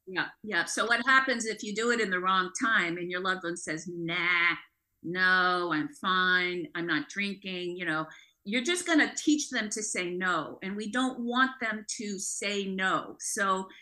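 A woman's voice: mid-range voice, animated, moderate pace, bright, forceful tone. A woman co-hosting a podcast, explaining family recovery steps in an earnest, coaching way. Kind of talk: casual podcast discussion.

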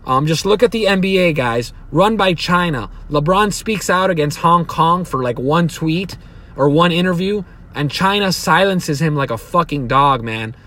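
A man's voice: on the high side, lively intonation, normal speed, fairly bright tone. A young man hosting a podcast, giving a heated, profane, rambling monologue full of restarts. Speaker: podcast host. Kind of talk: opinionated solo podcast monologue.

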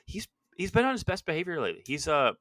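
A man's voice: a little high, very animated, fast talker, bright, forceful tone, no room sound, studio quality. A young man co-hosting a casual podcast, telling easygoing stories with lots of fillers and laughs. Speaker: podcast co-host. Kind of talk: casual chat.

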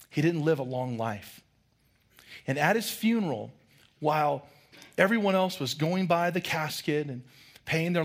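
A man's voice: fairly high pitch, husky. A man preaching a sermon as pastor, telling a story and acting out the voices of children and a teacher.

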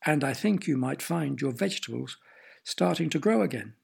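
A man voicing a helpful, clever male weatherman in a children's story, explaining things in a calmly knowing way with a gravelly, husky voice. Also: medium pitch, normal speed, full character voice.

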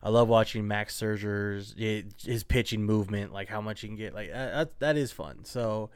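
A man's voice: fairly low pitch, normal speed, clear, resonant tone, dry recording, clean studio sound. A man co-hosting a casual sports podcast, joking and laughing often. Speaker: podcast co-host.

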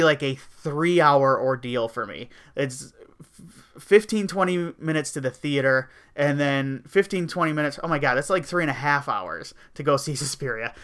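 Brief: male podcast host, bright and smooth voice, rambling wry rants. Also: fairly high pitch. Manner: rambling, wry complaining with frequent fillers. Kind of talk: casual opinion chat.

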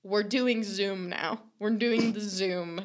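A woman's voice: medium pitch, slow pace. A young woman chatting casually on a podcast, telling a comic story, swearing freely and acting out quotes with lots of laughter. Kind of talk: casual comedic storytelling chat.

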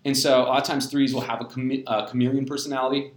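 A man's voice: mid-range voice, flat delivery, quick pace. A young adult man from the United States, explaining personality types in a rambling, self-deprecating way with many fillers and restarts. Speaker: host of a live personality talk. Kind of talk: casual explanatory talk. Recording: roomy echo.

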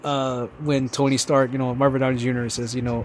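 A young man talks in a casual, rambling way as a host. He is an excited fan who fills his talk with many fillers and restarts. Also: medium pitch, brisk, few pauses, slight background noise. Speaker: podcast host.

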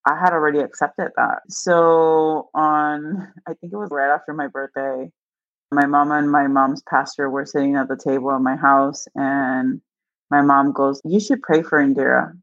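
Candid and animated, a female guest recounts a personal story in a deep voice at normal speed, performing the quoted voices of others with laughter. The audio has no room sound and comes across dull, lo-fi, and dry.

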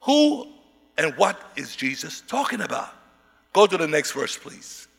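Male preacher, bright high voice, shouts for emphasis, reverb-heavy hall. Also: big pitch swings, a little slow, vocal fry, husky. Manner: emphatic, repeats words, rises into shouts. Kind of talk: sermon.

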